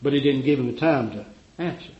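Fervent preacher man, echoey lo-fi recording. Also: fairly quick. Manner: fervent, rising to loud cries then dropping low; acts out the voices of Bible figures he quotes. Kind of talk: sermon.

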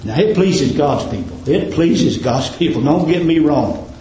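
Fervent preacher in an echoey hall. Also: male voice, expressive, measured pace, dull audio, slight background noise. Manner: fervent, rising to high emphatic peaks and dropping to low quiet endings. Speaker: pastor. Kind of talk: sermon. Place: church.

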